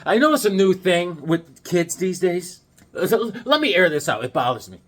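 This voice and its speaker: Middle-aged male vlogger, goofy and jokey, slightly high husky voice. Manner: goofy, joking, animated, acts out quick bits. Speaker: comic collector vlogger. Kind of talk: rambling casual vlog with jokes.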